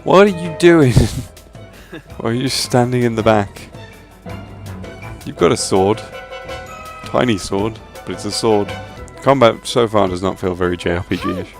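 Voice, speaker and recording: With faint music in the background, a man with a lowish voice and a measured pace plays a video game and commentates casually. He is from England, has a Birmingham accent, and makes wry jokes while reading game lines aloud in silly voices.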